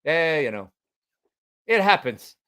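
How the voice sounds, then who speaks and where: A man's voice: fairly high pitch, sing-song, takes it slowly, pushed and bright, clean tone, heavily acted. A man voicing his rowdy, hard-drinking male friend in a clumsy fake British-Irish accent, dropping in "me mom's" and "mate". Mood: amused.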